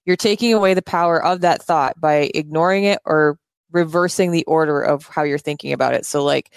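A woman's voice: low-pitched, a little fast, clear, resonant tone, no room sound. A woman co-hosting a podcast in casual chat, earnest and rambling, often losing words and restarting, recorded indoors at her house. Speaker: podcast co-host.

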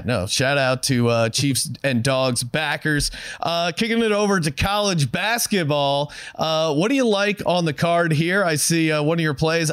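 A man hosting a sports betting show in casual, relaxed banter. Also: a little high, clean tone, no echo. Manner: laughs often, relaxed banter.

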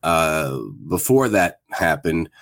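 A man's voice: deep voice, lively intonation, slow pace, fairly bright tone, no room sound. A man in his fifties, a guest telling a candid personal story in a plain-spoken, reflective way. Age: 50s.

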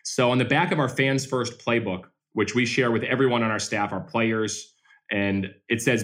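A man with a mid-range voice who tells stories with lots of energy, his pitch jumping up when he gets excited. He answers an interviewer's questions about running his team in a lively, upbeat way. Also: moderate pace. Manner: energetic, animated storyteller. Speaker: baseball team owner.

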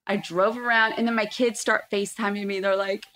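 A woman in her thirties telling a story in an animated chat, expressive and freely swearing. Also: mid-range voice, brisk. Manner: expressive, swears freely, acts out quotes loudly. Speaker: podcast guest, co-host's wife.

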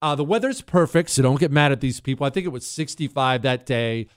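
A man's voice: mid-range voice, lively intonation, brisk, smooth. A man hosting a talk show, telling a long story in an emphatic way and talking straight to his listeners. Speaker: radio show host.

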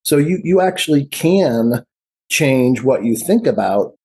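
A man speaking as a physician guest on a podcast. His voice is mellow and a little husky, and he explains earnestly in a conversational way, often ending points with a rhetorical question. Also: mid-range voice, animated, unhurried. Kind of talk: conversational interview.

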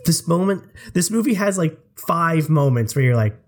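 A man's voice: a little high, expressive, normal speed. A man co-hosting a podcast, swearing freely and exasperated, laughing often as he talks about a movie. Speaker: podcast co-host. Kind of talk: casual movie discussion.

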